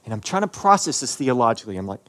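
A male pastor in his thirties delivers a sermon, drifting into a personal story. He speaks earnestly and with feeling, repeating words and pausing as he goes. His voice sits at an ordinary middle pitch. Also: very animated, fairly bright tone. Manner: earnest, emotional storytelling with pauses and repetitions.

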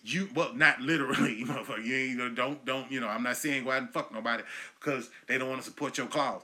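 A man in his thirties hosts his own comedy show in a loud, swaggering rant. His voice is strikingly bright and cutting, at an ordinary pitch for a man. He drops into low, muttered asides, then bursts back out yelling. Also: fairly even intonation, fast. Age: 30s. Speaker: podcast host. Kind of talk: profane comedic monologue.

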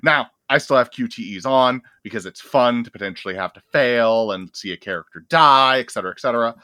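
Bright, upbeat man in casual chat. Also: medium pitch, a little fast, dry recording, studio quality. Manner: upbeat, laughing, enthusiastic.

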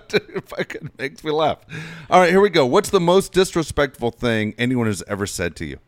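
A man's voice: fairly high pitch, very animated, measured pace, fairly bright tone. A man co-hosting radio, telling profane stories with frequent laughter in casual banter. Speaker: radio co-host.

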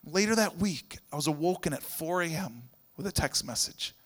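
Man, missionary pastor, sermon story, bright and forceful, loud preaching, hushed near-whispers. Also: a little high, expressive, normal speed.

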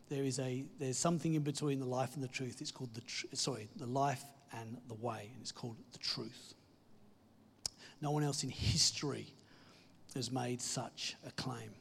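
A man delivers an earnest sermon, encouraging his listeners and leaning hard on key phrases before easing into quieter moments. His voice has a slightly husky edge. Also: mid-range voice. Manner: earnest, encouraging, emphatic with soft dips and laughs. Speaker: preacher.

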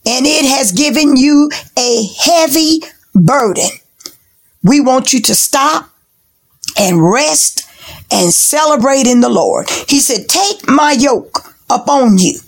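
A woman preaching a sermon in a slow, rhythmic style, repeating phrases and sometimes dropping to a hushed, whispery delivery. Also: sits high, lively intonation, creaky.

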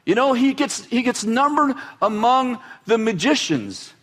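A man's voice: very high voice, sing-song, measured pace, fairly bright tone. A man preaching a sermon in a loose, conversational way, acting out quoted voices as he goes. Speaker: pastor.

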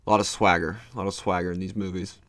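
A man's voice: low-pitched, fairly even intonation, quick pace, fairly bright tone, no room sound. A young man hosting his own podcast, rambling casually with many fillers and loose, meandering thoughts. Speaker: podcast host.

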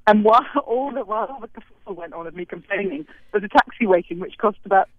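A woman actress, outdoors on a street, rambles self-deprecatingly about her show in a casual interview, often restarting. She speaks quickly in a mid-range voice with lively intonation, on a dry recording through a tinny phone line.

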